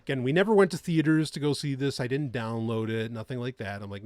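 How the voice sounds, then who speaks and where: A man's voice: mid-range voice, quick pace, darkish tone, no room sound. A man hosting a podcast in casual chat, rambling with many restarts and frequent laughter. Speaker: podcast host.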